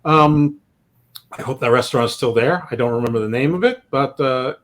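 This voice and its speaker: A man's voice: medium pitch, moderate pace, fairly bright tone. A man co-hosting a casual sports podcast, rambling with stammered restarts and self-deprecating jokes. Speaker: podcast co-host.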